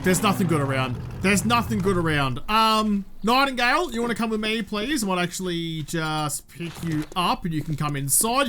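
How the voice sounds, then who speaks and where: A man's voice: high voice, a bit bright, slight background noise. A young Australian man giving chatty let's-play commentary, talking to the game's characters and jumping between topics. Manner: chatty, jumpy, talks to game characters. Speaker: gaming YouTuber.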